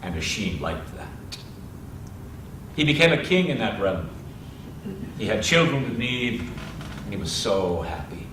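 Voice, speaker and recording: A man's voice: fairly low pitch, sing-song, a little slow, pauses often, background noise. A man telling a legend live to an audience, dramatic and addressing listeners directly. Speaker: storyteller. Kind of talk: live oral storytelling. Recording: roomy, distant live mic.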